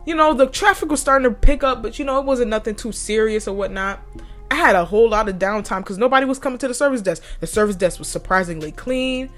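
A woman's voice: on the high side, quick pace, faint music behind. A young adult woman hosting a podcast, telling a work story in a casual, heated rant full of swearing. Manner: profane, heated and blunt, with laughs. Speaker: podcast host.

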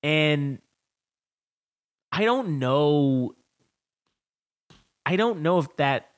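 A man's voice: a little high, very slow. A man co-hosting a podcast, retelling film scenes in a casual, profane chat and acting out lines. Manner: animated, profane storytelling, acts out movie lines. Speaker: podcast co-host.

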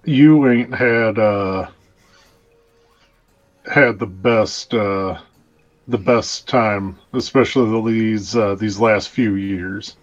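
A man's voice: fairly low pitch, drawn-out words, long pauses, dull audio, soft background music. A young man role-playing his character in a tabletop game, rambling with many fillers and casual, colloquial phrasing.

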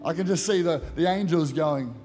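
A man's voice: fairly high pitch, moderate pace, a little mellow, faint music behind. A middle-aged male pastor preaching a conference sermon into a handheld microphone, emphatic and acting out prayers. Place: large church auditorium at a conference.

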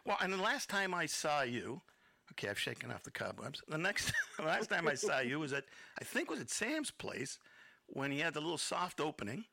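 A man's voice: fairly high pitch, big pitch swings, moderate pace, vocal fry, sharp tone, no room sound. A man hosting an internet radio interview show, talking in a nervous, rambling, chuckling way. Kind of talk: casual interview chat.

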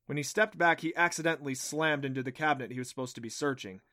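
A man reading a middle-grade adventure audiobook in an even storytelling manner. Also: mid-range voice, fast talker, dry recording, studio quality. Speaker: audiobook narrator. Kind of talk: scripted audiobook narration.

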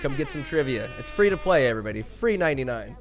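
A man's voice: mid-range voice, sing-song, fast, over music. A young man hosting a podcast, rambling enthusiastically through a comedic movie recap with crude jokes. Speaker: podcast host.

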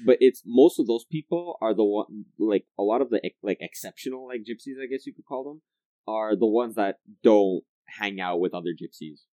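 A man's voice: on the low side, animated, moderate pace, dark tone, dry recording. A man in casual chat with a co-host, hedging and filling his talk with "like". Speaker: podcast co-host.

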